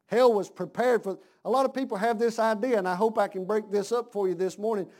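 A man preaching a sermon, dropping to a hush and then rising to shouts with slow, drawn-out emphasis. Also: high voice, fairly even intonation.

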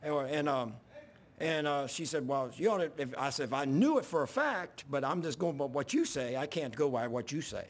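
A male pastor preaching a sermon in a church, telling folksy stories and rising to yelling when worked up. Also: fairly high pitch, lively intonation, normal speed. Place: church sanctuary.

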